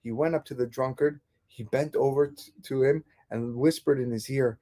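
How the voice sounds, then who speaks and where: A man teaching a Torah class as a rabbi, retelling stories in an animated way with frequent restarts. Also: mid-range voice, moderate pace, hardly any pauses.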